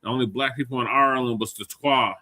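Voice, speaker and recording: A man co-hosts a live-stream debate, blunt and mocking as he argues back. His tone is sharp and forceful, with a dry, close sound. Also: mid-range voice, fairly even intonation, quick pace, no room sound. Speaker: co-host.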